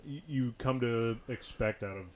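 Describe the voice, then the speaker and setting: A man's voice: medium pitch, normal speed, slight background noise. A man co-hosting a beer tasting vlog, chatting in an easygoing, agreeable way. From Wisconsin. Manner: easygoing, agreeable, hesitant fillers. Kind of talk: casual chat.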